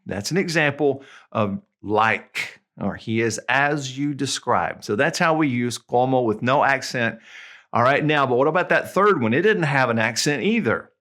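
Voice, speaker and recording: A man with a Southern US accent gives a casual video lesson. He sounds friendly and chatty, at a mid pitch for a man, and slows down to spell out each example. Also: animated, fairly bright tone. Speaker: Spanish tutor.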